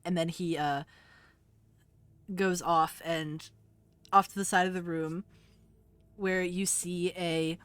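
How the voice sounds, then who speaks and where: Woman game master, relaxed descriptive narration, low voice, slow delivery. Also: smooth, no room sound.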